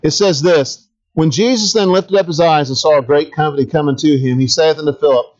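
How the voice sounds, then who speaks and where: A man's voice: fairly high pitch, a little fast, a little mellow, dull audio. A middle-aged man, a pastor, preaching a conversational sermon, asking the congregation questions and adding humorous asides.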